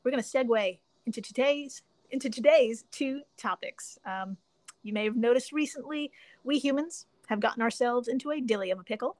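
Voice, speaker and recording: A woman hosting a casual podcast, who laughs often, swears freely and tells facts with animated enthusiasm. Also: fairly high pitch, fairly quick, dry recording. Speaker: podcast host.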